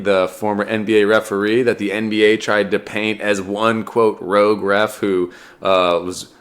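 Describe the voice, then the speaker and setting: A man's voice: lowish voice, a bit bright. A man, slightly sick, hosting his own podcast in a casual, rambling monologue full of restarts and fillers. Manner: rambling, fills gaps with uh and restarts. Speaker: podcast host.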